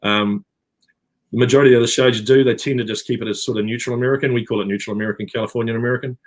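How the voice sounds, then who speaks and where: A man's voice: mid-range voice, steady tone, rapid-fire. A middle-aged man with a New Zealand accent, chatting as an interview guest, rambling with many fillers and restarts. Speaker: actor guest. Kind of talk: casual interview chat.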